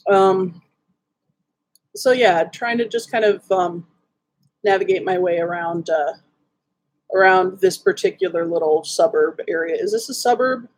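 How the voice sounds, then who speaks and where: A woman's voice: fairly low pitch, unhurried, long pauses. A woman from Wisconsin chatting casually on a livestream, greeting viewers by name and making snarky asides.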